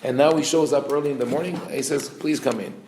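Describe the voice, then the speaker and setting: A man teaches a Torah class as a rabbi. His voice sits at a medium pitch, and he reads Hebrew verses fast before explaining them. He acts out the characters' lines with lively intonation, and the room gives the recording a noticeable echo. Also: slight background noise. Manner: explains verses, reading Hebrew quickly then translating.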